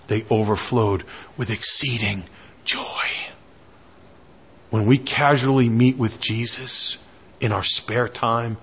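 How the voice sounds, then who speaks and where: A man's voice: on the low side, fairly bright tone, breathy edge, highs cut off. A man preaching a sermon, building in fervor through repeated lines and prayers. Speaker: pastor.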